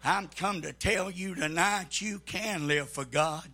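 A pastor preaching an impassioned sermon, swinging between shouted cries and hushed, near-whispered lines. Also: male voice, sits high, slow pace. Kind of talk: Pentecostal sermon.

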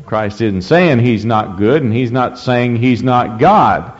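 Male preacher reading scripture with deliberate, rising emphasis, captured on a dull, muffled recording. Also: medium pitch. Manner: slow, deliberate reading with rising emphasis and frequent throat clearing. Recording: dull lo-fi recording in a reverberant hall.

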